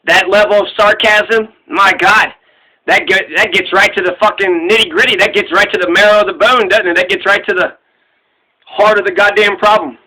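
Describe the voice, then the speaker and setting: A man's voice: high voice, steady tone, a little fast, bright, forceful tone, low-quality recording. A young adult man from the United States giving a heated, sarcastic, profane monologue as a vlogger. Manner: heated, sarcastic, swears freely.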